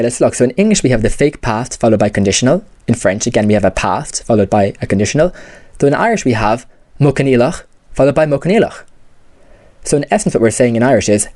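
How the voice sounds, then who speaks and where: A man's voice: mid-range voice, warm tone, dry recording. A man explaining grammar step by step in a patient lesson, often saying "you know" and "okay". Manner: patient, repeats key terms, many fillers like "you know" and "okay". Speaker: language teacher.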